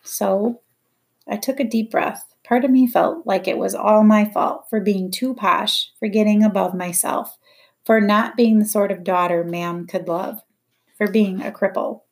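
Woman reading a novel, quiet and measured. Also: medium pitch, fairly even intonation. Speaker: audiobook narrator. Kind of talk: first-person novel narration.

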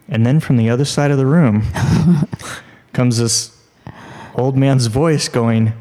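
A man, a screenwriter and TV producer, telling a lively anecdote as a podcast guest, with many restarts. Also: mid-range voice, unhurried, pauses often. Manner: animated storyteller, restarts and fillers.

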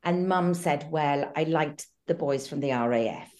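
A middle-aged woman from England, a guest who talks warmly and reflectively in an interview, hesitating with ums and restarts. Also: deep voice, normal speed.

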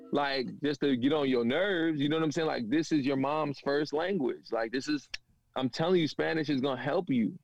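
A woman's voice: sits low, darkish tone, dull audio. A man voicing his Panamanian mother as she earnestly insists to her son that learning the language will help him.

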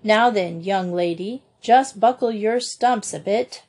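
A woman reading aloud, voicing a kindly but firm male doctor who gives brisk orders. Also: mid-range voice, darkish tone, breathy edge. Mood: commanding. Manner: brisk, commanding.

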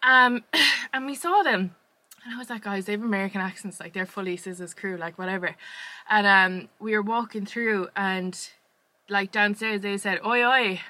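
A bright, clear-voiced woman co-hosting a chat podcast, recorded dry and close with no room sound. She rattles through her stories, full of fillers and quick laughs. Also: medium pitch, steady tone, no echo. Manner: chatty, laughing, fast storytelling with many fillers. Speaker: podcast co-host. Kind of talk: casual chat.

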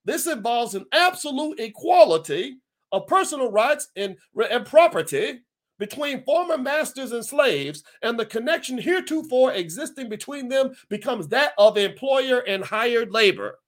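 A man putting on a Southern accent to voice a white male official, reading out an order slowly and with ceremony. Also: very high-pitched, lively intonation, voice pushed up. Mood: proclaiming. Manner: slow, drawn-out and proclaiming.

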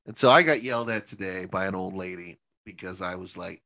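A man who works in church leadership, chatting casually and telling animated stories, swearing freely and laughing often. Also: low-pitched, a little fast, vocal fry, no echo. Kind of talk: casual chat, storytelling.

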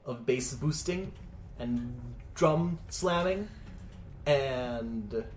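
A man's voice: medium pitch, lively intonation, drawn-out words, slight background noise. A man running a tabletop game as game master, narrating in a laid-back way with chuckles and sound effects. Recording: echoey room.

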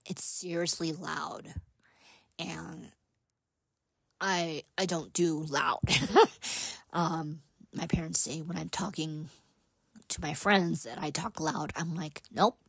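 A woman hosting a casual solo podcast, speaking softly and haltingly with many fillers and whispered asides. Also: low-pitched, steady tone, gravelly, husky, no room sound. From United States. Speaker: podcast host.

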